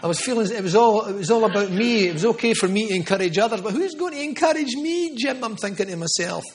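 Fervent male preacher, high voice. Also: animated, fast. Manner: fervent, emphatic, repeats phrases for stress. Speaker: pastor. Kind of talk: charismatic sermon with prophetic words.

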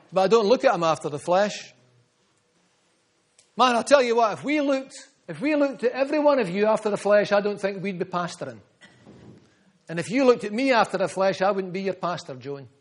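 High-voiced Scottish pastor preaching. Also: male voice. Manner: preaching with emphatic repetition, drops to quiet asides. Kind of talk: sermon.

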